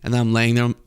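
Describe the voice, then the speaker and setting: A man's voice: mid-range voice, clean tone. A young man hosting comedic political commentary, talking animatedly and acting out little scenes. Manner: animated, acts out scenes with voices. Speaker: host.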